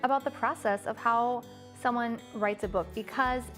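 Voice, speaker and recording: A woman's voice: a little high, fairly even intonation, normal speed, a bit bright, soft background music. A middle-aged woman hosting a family show, bubbly and enthusiastic as she introduces guests and asks questions. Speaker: host. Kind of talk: upbeat show hosting and interviewing.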